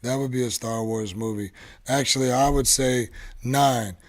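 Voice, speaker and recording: A man hosting a casual live show, rambling along with lots of halting restarts. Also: medium pitch, fairly even intonation. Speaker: show host. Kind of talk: casual live-stream chat.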